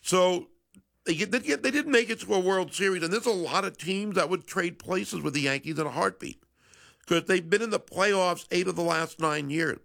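A middle-aged man talks sports on the radio in a relaxed, wry monologue. His voice sits a little high and carries a gravelly rasp. He often stops to correct himself and then carries on. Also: moderate pace. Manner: chatty, self-correcting, wry. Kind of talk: casual sports talk monologue.

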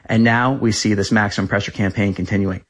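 A man in his thirties answers as a government spokesperson, returning again and again to the same talking points. He talks quickly and insistently in a fairly low voice. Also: fairly even intonation. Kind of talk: press interview answers.

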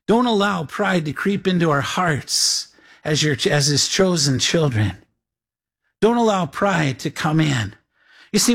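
A man's voice: high-pitched, fairly bright tone. A man preaching a sermon, reading scripture aloud and acting out his listeners' objections. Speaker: pastor.

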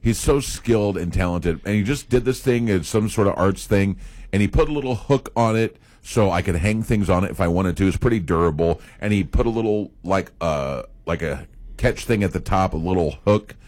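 Deep-voiced older man, rambling chat. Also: moderate pace, darkish tone, no echo. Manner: rambling, loose storytelling with many restarts. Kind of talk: casual chat.

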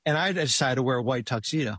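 A middle-aged man tells a long, winding story in a relaxed chat, often restarting his sentences and stacking fillers. His voice sits at an everyday pitch and sounds close and dry, with no room around it. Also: fast, no echo. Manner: rambling, with many restarts and fillers. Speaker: guest telling a story.

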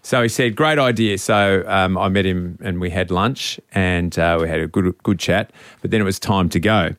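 A middle-aged man with an Australian accent, telling a sentimental story in a rambling, halting way on radio, with many restarts. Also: deep voice, fairly bright tone, no room sound, studio quality. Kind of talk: casual storytelling on air.

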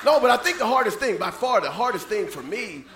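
A young male stand-up comedian from the States, punchy and prone to bursts of shouting. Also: sits high, big pitch swings, a little fast. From Southern United States. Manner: punchy, repeats "you know what I'm saying", bursts into shouts. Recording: echoey club with loud audience noise.

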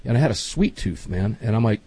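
A man's voice: lowish voice, lively intonation, fairly quick, dark tone, husky, dry recording. A middle-aged man hosting a podcast, chatting casually and rambling with emphatic asides. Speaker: podcast host. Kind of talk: casual chat.

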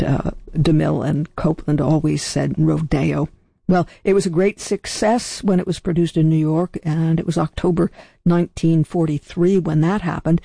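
Woman, radio host, gravelly, mellow, dry sound. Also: low voice, dry recording. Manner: conversational, with restarts. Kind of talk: casual radio hosting.

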